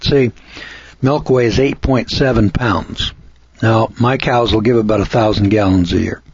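A man's voice: fairly low pitch, steady tone, a little slow, breathy edge, no echo. A man from Missouri, a dairy farmer, talking in a folksy, emphatic monologue that repeats lists of words for stress. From Missouri, USA. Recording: dull lo-fi recording.

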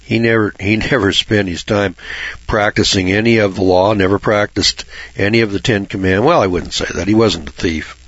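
A man's voice: lowish voice, fairly even intonation, normal speed, a bit bright, no room sound. A man giving informal Bible commentary in a blunt, folksy way, swearing freely and mocking churchgoers with sarcastic asides. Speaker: Bible teacher. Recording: dull lo-fi recording.

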